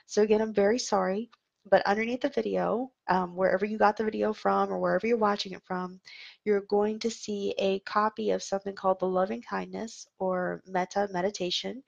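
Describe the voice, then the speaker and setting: A woman's voice: mid-range voice, gravelly, highs cut off. A woman leading an online meditation livestream, talking earnestly and conversationally, with fillers and restarts. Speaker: meditation leader. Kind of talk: livestreamed dharma talk and guided chant.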